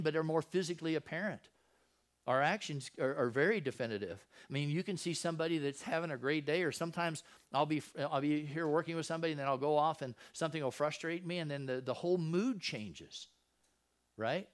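Here the preacher's voice sits fairly high, lively and expressive, moving at a fairly quick pace. He chats through scripture in homespun fashion, tossing rhetorical questions at his audience while repeating and restarting his lines.

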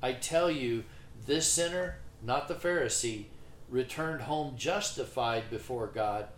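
A man reading scripture aloud in a Bible study, steady, with brief replies to the leader. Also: mid-range voice, a little slow, reverberant, a little hiss or hum. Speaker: scripture reader, co-host.

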